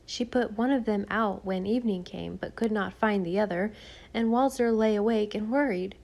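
A woman narrates a children's classic as an audiobook. Her telling is measured and expressive, with a calm, even way of reading. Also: medium pitch, creaky. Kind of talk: scripted narration.

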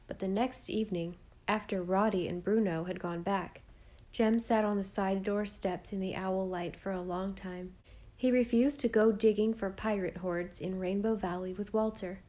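Here a woman with a mid-range voice narrates a classic children's novel as an audiobook. Her storytelling is expressive yet measured.

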